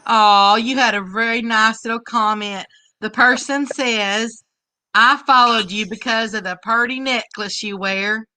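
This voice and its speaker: A woman's voice: a little high, fairly even intonation, a little slow, pushed and bright, low-quality recording. A woman reading viewer comments aloud during a live stream, in a friendly casual way.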